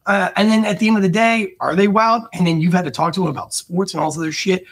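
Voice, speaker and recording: A man on a podcast talking about pairing wine with food, casual and animated, with frequent swearing. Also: fast talker. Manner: animated, swearing, acts out guests in a high voice. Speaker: wine guest.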